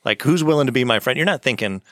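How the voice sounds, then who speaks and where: A man in his forties, a pastor, chatting easily on a podcast with frequent laughs and halting restarts. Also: medium pitch, lively intonation, fairly bright tone, no room sound, clean studio sound. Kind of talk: casual podcast chat.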